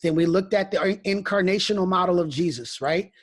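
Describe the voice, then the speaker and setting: A man with a high-pitched voice talks fairly quickly. He is a pastor giving a frank, conversational interview, telling stories and often restarting his phrases.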